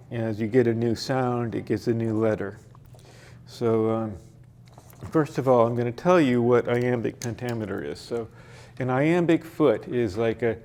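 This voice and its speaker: Slow-talking male poetry teacher. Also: medium pitch, a little mellow. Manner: hesitant, with frequent fillers and restarts; reads verse slowly, marking stressed syllables. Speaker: poetry workshop instructor. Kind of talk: classroom teaching and reading poems aloud. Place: library workshop room.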